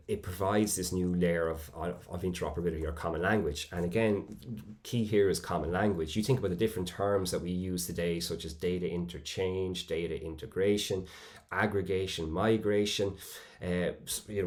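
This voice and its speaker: Very low-voiced man giving a conference talk. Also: darkish tone. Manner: measured, with frequent fillers and restarts. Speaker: conference presenter. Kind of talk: conference presentation.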